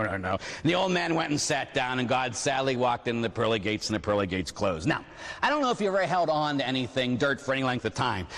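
A man preaching at a retreat, telling a story with animated delivery and frequent rhetorical asides. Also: mid-range voice. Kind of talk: storytelling sermon. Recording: long echoing hall reverb.

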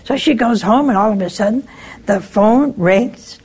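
A woman's voice: fairly high pitch, measured pace, a little mellow, slightly rough. A woman, a nun, hosting a call-in show, talking casually and telling folksy stories about forgiveness. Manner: folksy storyteller, acts out voices in anecdotes. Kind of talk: casual spiritual talk to callers.

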